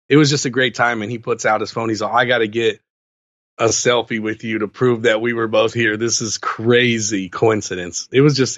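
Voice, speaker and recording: A man's voice: mid-range voice, no room sound, muffled recording. A man co-hosting a sports podcast in casual chat, telling stories and ranting with lots of energy. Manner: animated ranting storyteller. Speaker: podcast co-host.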